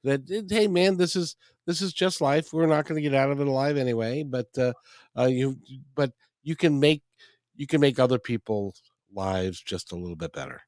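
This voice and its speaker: A man in his sixties talking easily in an interview, halting and repeating his words. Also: mid-range voice, darkish tone, dry recording, clean studio sound. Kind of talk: casual interview chat.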